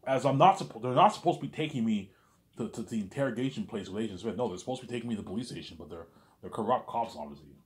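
A man's voice: on the low side, lively intonation, racing. A man telling a rambling, casual story, stumbling over restarts and leaning on the same stock phrases again and again.

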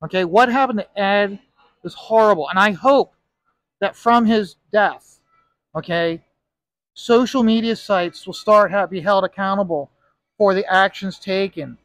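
A man's voice: high-pitched, a little slow, a bit bright, no room sound. A man ranting in a casual vlog recorded in a bar, stressing his points with "okay?" again and again. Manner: ranting, emphatic, repeats "okay?". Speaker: comic book inker and video host.

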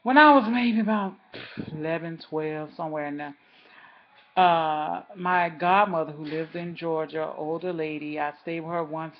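A woman's voice: deep voice, moderate pace, lo-fi sound. A woman vlogger telling a rambling story in a casual, chatty way, talking straight to her viewers.

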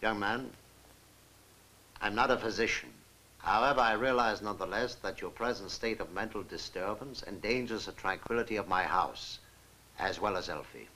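An actor in a dubbed film playing a stern older professor who speaks formally and dismisses others in clipped tones. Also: male voice, on the low side, normal speed, bright, forceful tone, rough recording. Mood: cold. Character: stern older male professor, cold and commanding. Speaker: professor and father.

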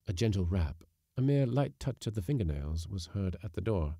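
A man reading a classic short story aloud with expressive, dramatic delivery. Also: sits low, normal speed, vocal fry, no room sound, studio quality.

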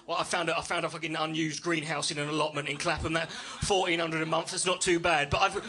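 Male stand-up, high bright voice, quick-fire delivery; brash, sweary, self-deprecating; live club mic with faint noise. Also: level tone. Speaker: stand-up comedian. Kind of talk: stand-up routine. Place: comedy club stage with audience.

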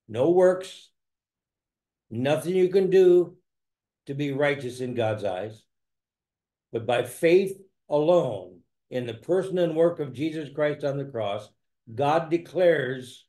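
A man's voice: mid-range voice, mellow. A man teaching a Bible study, who explains word meanings step by step and repeats key phrases for emphasis.

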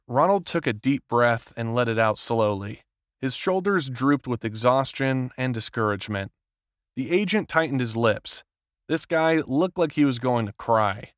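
A male audiobook narrator reads in an even, measured way at a middling pitch. The sound is dry and close, with no room around it. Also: dry recording. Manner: steady, measured storytelling. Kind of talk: scripted narration.

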